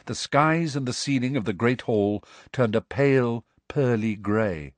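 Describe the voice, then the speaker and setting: A man's voice: medium pitch, a little slow, no room sound. A man narrating an audiobook expressively, acting out every character. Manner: animated, acts out the dialogue.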